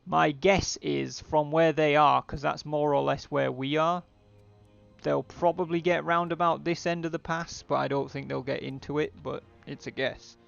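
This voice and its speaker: A man's voice: a little high, fairly even intonation, moderate pace, gravelly, no echo. Man, live game streamer, casual thinking aloud, slightly dull audio, faint music.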